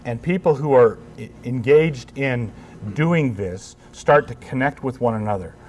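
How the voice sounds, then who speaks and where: A man's voice: mid-range voice, measured pace, a little mellow, muffled recording. A man speaking as a pastor at a conference, conversational and emphatic, with wry humor and frequent restarts. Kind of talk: conference talk.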